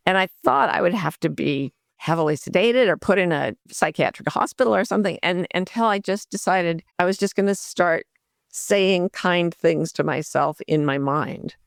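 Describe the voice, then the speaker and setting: Gravelly, gently explaining older woman. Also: fairly low pitch, normal speed, no echo, studio quality. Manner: warm, gentle explanations with soft spoken self-talk asides. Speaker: guest, life coach and author. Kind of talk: podcast interview.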